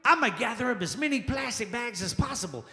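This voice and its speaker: Bright, forceful male stand-up comic, exclamatory, recorded in a roomy lounge. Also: very high-pitched, fast, gravelly. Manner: animated, exclamatory, acts out quoted people. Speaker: stand-up comedian. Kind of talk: stand-up comedy set. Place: jazz lounge stage. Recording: echoey lounge with long reverb.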